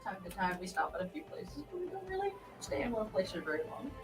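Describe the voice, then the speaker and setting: A woman voicing a curious, flirty male halfling traveler, speaking in a casual, drawn-out way, with faint music behind. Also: mid-range voice, sing-song.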